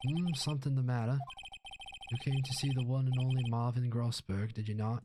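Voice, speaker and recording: A man's voice: medium pitch, fairly even intonation, brisk, noisy background, pitched above the performer's own voice, close to an everyday voice. A man putting on a pompous old Southern lawyer. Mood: blustering. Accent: put-on Southern US. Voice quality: drawling, throat-clearing, stammering excuses. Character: pompous older male lawyer, evasive and blustering.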